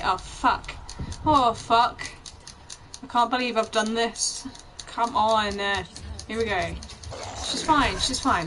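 Slow-talking, swearing woman streamer. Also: a little high, noisy background. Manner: profane, taunting, talking to the game. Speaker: game streamer. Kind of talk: gameplay commentary.

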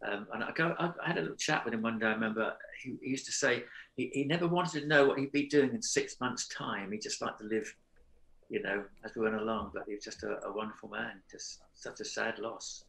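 Older male ex-cast member, earnest and halting, lowish voice. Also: vocal fry, rough recording. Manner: warm, earnest, halting with ums. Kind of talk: reminiscing.

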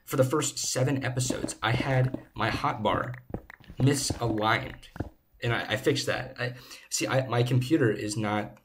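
A young man hosting a gaming channel, chatting casually and rambling playfully while he plays, recorded on a low-quality home microphone. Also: steady tone, measured pace, background noise. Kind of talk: casual chat while playing. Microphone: low-quality desk microphone.

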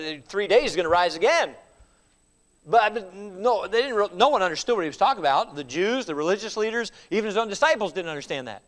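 A man teaching a Sunday school Bible study as pastor, acting out quoted lines with lively feeling and at times dropping to a quiet, confessional tone. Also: on the high side. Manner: animated, acts out quoted speech.

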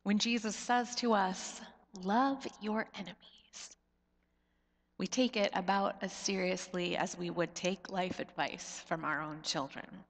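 A woman pastor in her thirties preaching a sermon, slow and reflective, her voice often dropping soft at the ends of phrases. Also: on the low side, fairly even intonation, creaky. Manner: slow, reflective storytelling with soft drops in volume. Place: church sanctuary. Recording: long church reverb.

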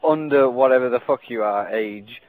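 A man's voice: mid-range voice, moderate pace, no room sound, narrow, tinny audio. A young man on a gaming headset, chatting casually and mocking others with sarcastic, swear-heavy banter. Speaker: gaming vlogger. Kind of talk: casual party chat.

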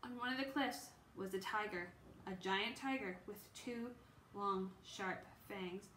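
Reading a children's book unrehearsed, a woman speaks in a fairly bright, mid-range voice and takes her time. She trips up and restarts here and there. The recording has an echoey room and faint background noise.

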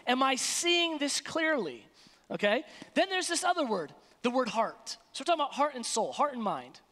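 Woman pastor, emphatic folksy sermon, lively pitch, church-hall echo. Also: moderate pace. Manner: emphatic, colloquial preaching. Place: church sanctuary.

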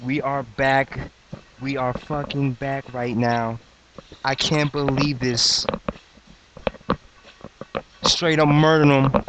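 A man in his twenties hyping up his rap crew, boastful, excitable and mock-dramatic. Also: medium pitch, slow, pauses often, noisy background. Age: 20s. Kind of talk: hyped comedic freestyle intro.

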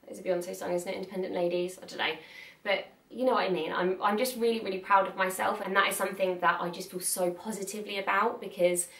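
A woman's voice: medium pitch, fairly even intonation, fast talker, creaky, a bit bright, distant mic. A young woman talking candidly to camera in a chatty, earnest way, laughing often. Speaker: vlogger. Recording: echoey room, mic set back.

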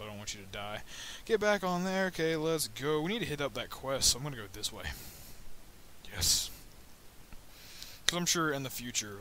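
A man giving let's play commentary on a budget microphone, rambling and joking with sudden high excited yelps. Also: slight background noise. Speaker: gameplay commentator. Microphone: new budget microphone.

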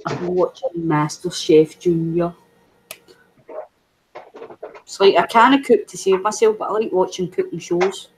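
A woman chatting casually with a friend on a video call, relaxed and laughing at her own remarks. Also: lowish voice, moderate pace, slight background noise, poor audio.

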